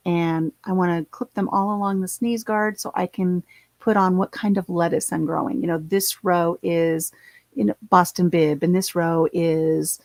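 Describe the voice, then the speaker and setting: A woman's voice: lowish voice, steady tone, normal speed, a little mellow, no room sound, rough recording. A middle-aged woman, chatting casually and rambling with her viewers as host of her channel. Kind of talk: casual livestream chat.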